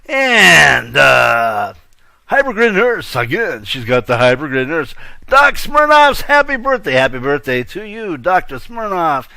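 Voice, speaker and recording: Male host, lively pitch swings, bright tone, slangy hype-man chatter. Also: measured pace, gravelly, no echo. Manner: hyped, slangy, laughs a lot, trails off. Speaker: host of a virtual-world news show. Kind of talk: casual show hosting.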